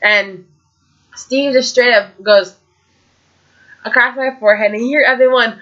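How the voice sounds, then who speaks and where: A woman hosting a casual vlog, excitedly telling a story with many fillers and acted-out reactions. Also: fairly high pitch, slow pace, pauses often, lo-fi sound. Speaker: vlog host.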